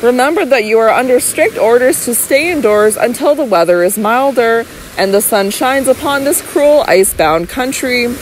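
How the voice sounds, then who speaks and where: A woman's voice: a little high, lively intonation, moderate pace, few pauses, slight background noise, lightly acted, low-quality recording. A woman voicing a young lady who argues her case earnestly and coaxes her husband tenderly. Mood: coaxing. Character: scheming young lady, frightened yet persuasive.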